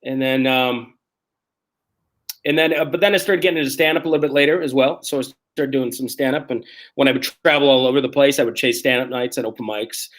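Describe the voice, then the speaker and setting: A man in his forties, a comedian guest telling rough, profane stories on a video call and acting out the quotes. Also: mid-range voice, steady tone. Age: 40s. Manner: rapid, profane storytelling that acts out quotes. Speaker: guest, street performer and comedian. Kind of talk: casual podcast chat.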